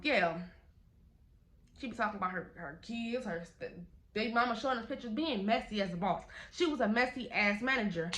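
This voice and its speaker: A young woman, telling a casual storytime vlog in an animated, slangy way, acting out the quotes. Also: mid-range voice. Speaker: vlogger.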